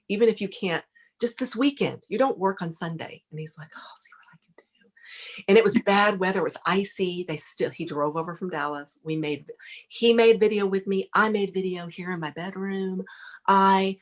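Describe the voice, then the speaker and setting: A middle-aged woman, a podcast guest, telling a lively story, laughing often and acting out what people said. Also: mid-range voice, moderate pace. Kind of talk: casual storytelling interview.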